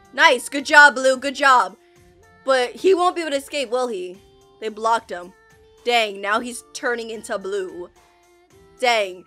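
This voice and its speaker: A woman reacting to an animated video, gasping and crying out at twists and mocking the characters in quick asides. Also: a little high, soft background music.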